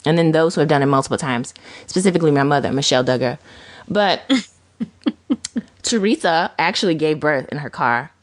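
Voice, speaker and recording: Low-pitched woman cohosting a chatty podcast, dry close sound, tells stories and does the voices. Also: fairly quick, long pauses, no room sound. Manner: animated storytelling, acts out quoted voices. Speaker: podcast co-host. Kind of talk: casual chat.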